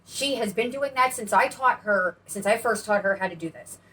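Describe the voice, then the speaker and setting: A woman's voice: mid-range voice, animated, moderate pace, pushed and bright. A woman co-hosting a painting channel, chatting in a bubbly, rambling way while she demonstrates paint pouring. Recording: distant mic with faint background noise.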